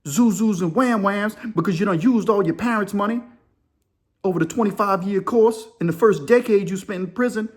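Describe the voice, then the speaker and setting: A man's voice: high voice, normal speed. Slangy, emphatic male storyteller. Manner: slangy, emphatic, asks pointed rhetorical questions. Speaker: host of a crime and prison storytelling channel. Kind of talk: casual street-style storytelling.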